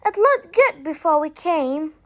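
A woman's voice: sits high, big pitch swings, unhurried, a bit bright, exaggerated voice. Woman voicing a fretful frightened little boy. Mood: unhappy. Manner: fretful, complaining. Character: frightened, unhappy young boy. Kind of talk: storybook reading.

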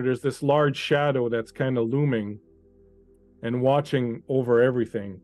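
Soft music plays in the background as a man leads a tabletop game online, narrating scenes to a player slowly and in the second person. His medium-pitched voice is mellow, with no echo.

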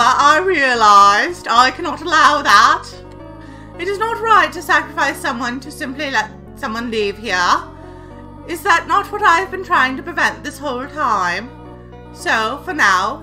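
Mum putting on a british goat monster queen, motherly, slow and formal, bright high voice. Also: exaggerated voice, low-quality recording. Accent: put-on British.

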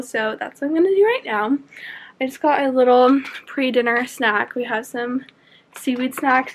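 A young woman chatting casually to her camera, bubbly and gushing about her day as a student vlogger. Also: a little high. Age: young adult. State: out of breath. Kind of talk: casual vlog chat. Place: college dorm room.

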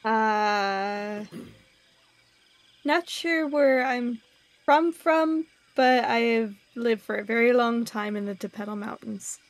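A woman's voice: a little high, slow. A woman playing a tabletop game, answering hesitantly. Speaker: player.

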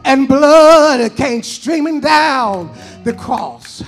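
A male pastor preaching at a live church service, chanting his phrases in a halting cadence with drawn-out words and "uh" breaks. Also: very high-pitched, fairly bright tone, faint music behind. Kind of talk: whooping Black church sermon climax.

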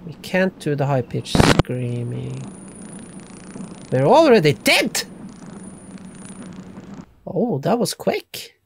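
A man doing let's play commentary, excitable and laughing often, dropping from loud yelps to hushed talk. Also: on the high side, takes it slowly, creaky, long pauses, heavy background noise. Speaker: gaming YouTuber.

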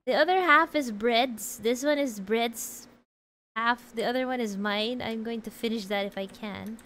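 A woman's voice: on the high side, measured pace, fairly bright tone, a little hiss or hum, poor audio. A woman streaming a game, chatting casually, answering chat and laughing often.

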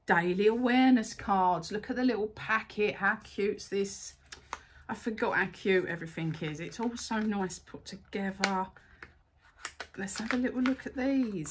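A woman's voice: on the low side, fairly bright tone, husky. A woman chatting casually as she unboxes items at home, gushing over how cute everything is. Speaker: unboxing vlogger.

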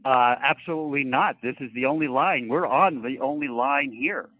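A man's voice: medium pitch, normal speed. A man managing a nightclub, answering the phone in a confused, curt, businesslike way. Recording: tinny phone line, distant from the mic.

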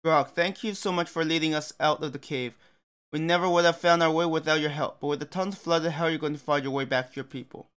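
A man's voice: a little high, fairly even intonation, fast talker, a bit bright, smooth, natural voice. A man voicing an earnest, polite young male elf leader. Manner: earnest, apologetic.

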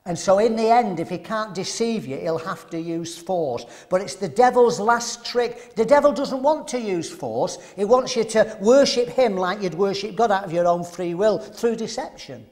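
A man preaching at a men's seminar, animated and throwing rhetorical questions to the audience. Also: sits high, normal speed, hardly any pauses.

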